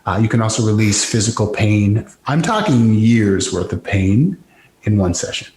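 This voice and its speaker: Lowish-voiced man in an echoey room. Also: expressive, moderate pace, a little mellow. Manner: enthusiastic, earnest, occasional swearing. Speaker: breathwork coach, guest. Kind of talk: casual interview talk.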